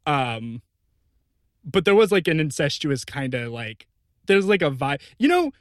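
A man with a fairly high voice co-hosts an improvised comedy podcast. He spins absurd stories in a dry, deadpan way and breaks into laughter often. The sound is close and dry, with no room around it. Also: measured pace, dry recording. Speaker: podcast co-host.

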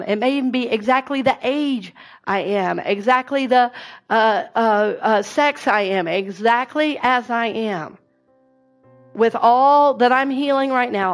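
A woman's voice: on the high side, normal speed. A woman giving a conversational sermon and leading the congregation in affirmations. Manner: warm, conversational preaching with affirmations. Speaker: minister.

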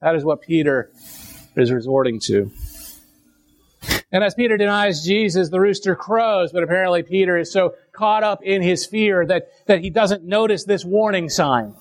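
A man's voice: high voice, normal speed, creaky. A man preaching a sermon, reading scripture aloud and then explaining it in a conversational way, often restarting and repeating words.

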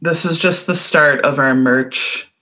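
A woman's voice: low-pitched, unhurried, sharp tone. A woman with a Midwestern accent co-hosting a podcast in casual chat, explaining things and laughing often. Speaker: podcast co-host.

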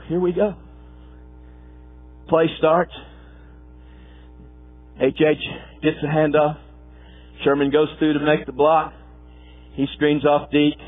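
Folksy preacher, high and husky. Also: male voice, phone-quality sound. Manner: folksy, animated storytelling with acted-out quotes. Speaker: pastor and former football coach. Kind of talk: sermon with storytelling.

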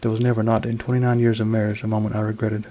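A man's voice: fairly low pitch, monotone, racing, warm tone, a little hiss or hum, close to an everyday voice. A man reading the lines of a desperate widower in a story, pleading and strained. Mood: anguished. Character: grief-stricken older widower, worn and desperate.

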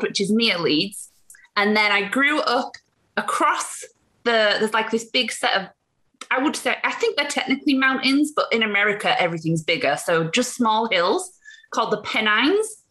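This is a woman from England with a Yorkshire accent, a guest on a podcast. Her voice is bright and pitched a little high, and she keeps a cheerful tone that breaks into laughter easily. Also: animated, normal speed. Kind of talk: casual interview chat.

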